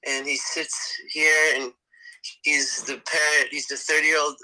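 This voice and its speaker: A man's voice: fairly high pitch, level tone, unhurried, sharp tone, poor audio. A man who is a voice actor, speaking as a guest in an enthusiastic, rambling casual chat and laughing often.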